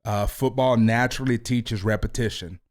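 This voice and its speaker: A man in his thirties, a youth football coach and podcast host, talking with high energy and an animated, hands-moving delivery. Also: moderate pace. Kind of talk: motivational podcast talk. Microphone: video podcast mic.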